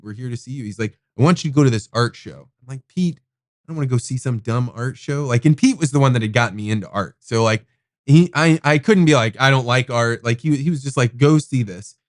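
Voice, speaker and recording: A man hosting a podcast tells a personal story, rambling and animated, with some casual swearing. His voice is recorded close and dry, with no room sound around it. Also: mid-range voice, fairly quick, no room sound. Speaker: podcast host.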